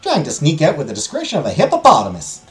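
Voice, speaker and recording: Man playing a bossy teasing young French woman, high voice, put-on Southern drawl. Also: wildly swooping pitch, fast, soft background music. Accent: put-on American Southern. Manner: teasing, scolding.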